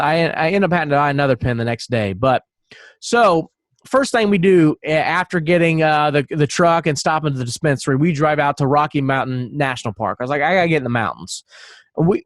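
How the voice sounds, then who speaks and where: A man with a fairly high speaking voice rambles through a story on a podcast, swearing freely and laughing often. The sound is dry and close to the mic, with no room around it. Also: no room sound. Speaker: podcast co-host. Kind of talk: casual podcast chat.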